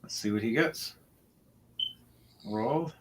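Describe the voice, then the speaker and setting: Man running a tabletop game, unhurried delivery, mid-range voice, play-by-play of dice rolls and combat. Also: medium pitch, a little hiss or hum, rough recording. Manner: narrates dice rolls and combat turn by turn, with sudden loud outbursts.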